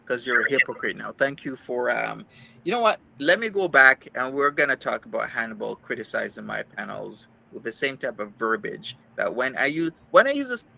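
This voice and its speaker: A man with a gravelly, very bright voice tears into a rival in a furious, profane rant. He circles back to the same complaint again and again, and he spits out insults in between. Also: mid-range voice, moderate pace, few pauses, poor audio. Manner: heated, insulting, repetitive. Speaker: streamer ranting about a rival.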